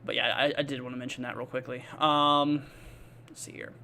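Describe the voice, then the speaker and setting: A man's voice: medium pitch, fairly even intonation, a little fast, creaky, sharp tone, a little hiss or hum. A man hosting a live weather stream, chatting casually with lots of fillers and answering viewers by name. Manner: rambling, filler-heavy, reads viewer comments aloud; friendly, laid-back.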